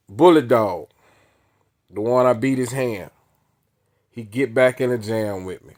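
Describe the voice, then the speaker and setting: A man's voice: mid-range voice, darkish tone. Blunt man telling a story. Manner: acts out dialogue with many quoted lines; repetitive, blunt, punchy phrasing. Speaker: storyteller recounting his past. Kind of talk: casual spoken storytelling.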